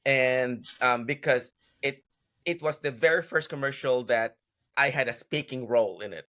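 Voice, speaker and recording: A man's voice: medium pitch, moderate pace, pushed and bright. A man who is a guest actor on a podcast, telling rambling stories full of restarts in a casual interview. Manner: rambling storyteller, many restarts. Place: podcast recording.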